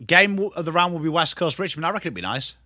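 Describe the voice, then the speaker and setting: A man's voice: fairly high pitch, animated, fast talker, sharp tone, no room sound. An English man in his thirties, host of a casual live stream, chatting loosely and swearing as he answers viewers. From England. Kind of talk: casual live watchalong chat.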